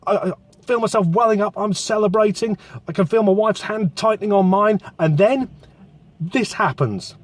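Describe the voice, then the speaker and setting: A man reviewing a film in a casual, profanity-laced way, swept up in retelling it. His voice sits a little on the high side. He talks from inside a parked car. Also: husky. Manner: sweary, excitable storytelling.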